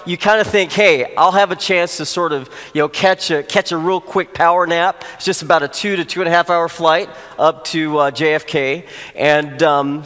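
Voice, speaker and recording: A man, a pastor, telling a humorous personal story during a sermon, animated at the funny moments. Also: a little high. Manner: storytelling, rising to animated exclamations for comic effect. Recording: long hall reverb.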